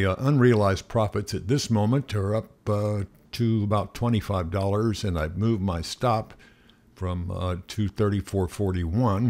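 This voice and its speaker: A middle-aged man with a very low, gravelly voice talks through a live trade on screen. His tone is husky and unhurried as he calls out price levels one after another, often pausing with an "uh" to think. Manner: steady, unhurried narration of price levels with frequent "uh" fillers. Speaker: day trading instructor. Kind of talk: screen-recorded trading walkthrough.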